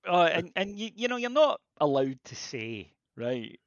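A man with a fairly high voice rants emphatically and swears freely in a casual podcast chat. The sound is dry and muffled, as if recorded on a lo-fi mic. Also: very animated, a little slow, no room sound. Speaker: podcast co-host.

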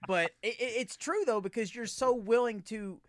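A man's voice: very high-pitched, normal speed, no room sound, clean studio sound. A man in his thirties hosting a podcast, talking in an earnest, encouraging casual chat. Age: 30s. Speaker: podcast host.

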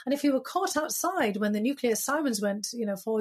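A British woman in her fifties speaks as an interview guest, her voice slightly breathy and husky. She recalls the past in a reflective, storytelling way, often pausing with casual fillers. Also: a little high, lively intonation, darkish tone. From United Kingdom. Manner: reflective, storytelling, frequent "you know" fillers. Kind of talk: conversational interview.

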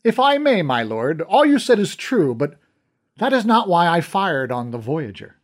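A man's voice: on the high side, very animated, normal speed, voice pushed up. A man voicing a stern male master archer who guards an armory and speaks in formal, old-fashioned courtly language. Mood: grave. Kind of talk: audiobook character reading.

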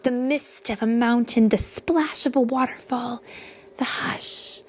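A woman voicing a gentle loving mother of two boys in a storybook, speaking softly with breathy whispers. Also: medium pitch, lively intonation, very slow, slight background noise, heavily acted. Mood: tender. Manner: soft, tender, partly whispered.

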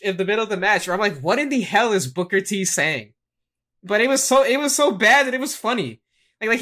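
A man hosting a wrestling podcast in casual chat, animated and laughing often as he acts out quotes. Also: high voice. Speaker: podcast host.

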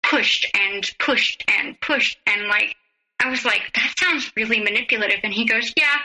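A woman guest telling her own story in an interview, close to tears, halting and full of fillers. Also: mid-range voice, sharp tone, low-quality recording. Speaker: podcast guest.

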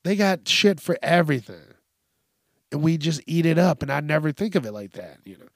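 An expressive man talks a little fast as he hosts a podcast, casually ranting with plenty of profanity about the small annoyances of life. He sounds fed up and does high-voiced impressions of people. The recording is studio quality, with no room sound.

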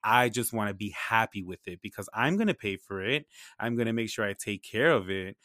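A man's voice: lowish voice, brisk, no echo. Young guy telling a story, lots of slang and swearing, acts out both sides of the convo, dry close sound. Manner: animated, slangy and profane, acts out dialogue. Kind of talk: casual storytelling.

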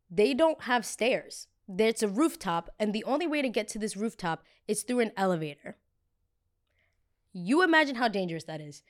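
A young woman in her twenties hosting a podcast, telling a story in a candid, animated way and swearing freely. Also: mid-range voice. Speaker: podcast host. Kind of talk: casual confessional storytelling.

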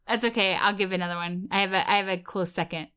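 Woman, 30s, podcast co-host; teasing and playful, smooth clear tone. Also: mid-range voice, steady tone, fast, pushed and bright. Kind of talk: casual podcast chat.

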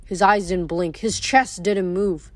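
A woman reading a novel aloud in a steady, measured narration. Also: lowish voice. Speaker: reader.

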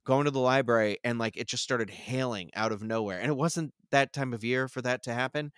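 A man's voice: mid-range voice, fairly quick, a bit bright, smooth, no echo, studio quality. A man casually telling a long story, full of likes, fillers and restarts. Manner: rambling, filler-heavy with many likes and restarts. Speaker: podcast guest telling stories.

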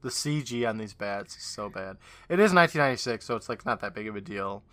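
A man co-hosting a podcast in casual chat, sarcastic and quick to swear and laugh. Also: lowish voice. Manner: animated, sarcastic, swears and laughs often, acts out characters. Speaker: podcast co-host.

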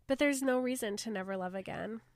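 A woman's voice: fairly high pitch, brisk, dry recording. A woman co-hosting a casual chat, gushing and emotional about the story. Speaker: podcast co-host.

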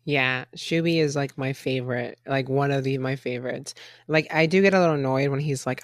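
A young man co-hosts a casual podcast chat reviewing a reality show, rambling, saying "like" constantly and laughing often. His medium-pitched voice runs a little fast, in a studio-quality recording with no room sound.

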